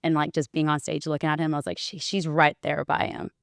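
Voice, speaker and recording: This low-pitched young woman speaks quickly in a level tone with vocal fry, recorded dry at studio quality. She's a wellness bodybuilder appearing as a guest in a casual interview, relating stories and repeating what others said.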